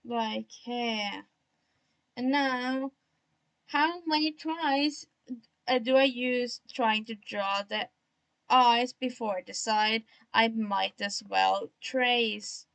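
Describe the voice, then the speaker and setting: A woman's voice: on the high side, extremely slow, vocal fry, a bit bright, low-quality recording. A young woman streaming while she draws, chatting to herself in a self-mocking way and remarking on her own odd tone of voice. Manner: admits to an odd put-on tone today. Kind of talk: casual livestream chat while drawing.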